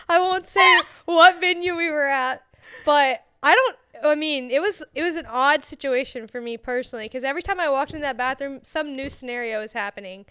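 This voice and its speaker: A woman's voice: high voice, normal speed. A young woman co-hosting a podcast, telling stories in casual chat with lots of giggling. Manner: giggly, animated storytelling. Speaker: podcast co-host.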